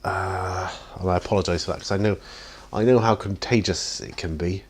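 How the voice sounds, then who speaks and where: A man's voice: low-pitched, fairly even intonation, moderate pace, husky. A man chatting casually while painting miniatures in his home studio, rambling and self-deprecating, tired and yawning often. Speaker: hobby painting vlogger.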